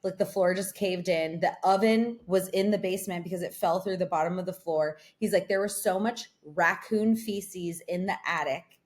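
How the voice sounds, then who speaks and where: A woman's voice: on the low side, normal speed. A young woman co-hosting a podcast from a remote setup, telling a long story in casual chat and saying "like" often. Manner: rambling storyteller, heavy use of "like". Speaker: podcast co-host. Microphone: remote recording.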